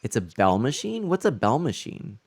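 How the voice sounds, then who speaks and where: A man's voice: medium pitch, big pitch swings, moderate pace, darkish tone, slight background noise. A man streaming a game from a room at home, chatting casually and stumbling over his words on a desk mic. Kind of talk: casual chat while playing a game. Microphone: new desk mic setup.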